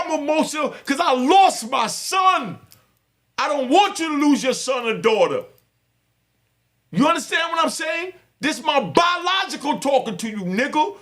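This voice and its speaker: A middle-aged man talking to his viewers with fervent, preaching passion and bursts of shouting. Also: very high voice, creaky. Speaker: host. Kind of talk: impassioned talk to viewers.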